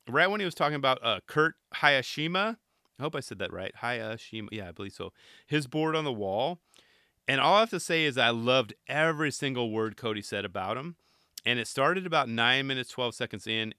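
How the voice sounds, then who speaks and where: A man's voice: medium pitch, bright, forceful tone, no echo, clean studio sound. A man giving casual, chatty reaction commentary, rambling along with joking asides.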